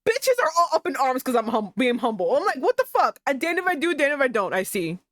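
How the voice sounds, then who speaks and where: A woman's voice: sits high, sing-song, quick pace, a bit bright, no room sound, clean studio sound. A woman streamer reading a romance game aloud and breaking off into sarcastic, swearing asides.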